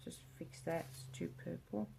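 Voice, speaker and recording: A woman with a fairly low, gravelly, warm voice narrates casually as she makes resin art at home, murmuring and trailing off mid-thought. Her intonation is fairly even and her pace moderate, with a slight hiss or hum; the studio is indoors and has a window.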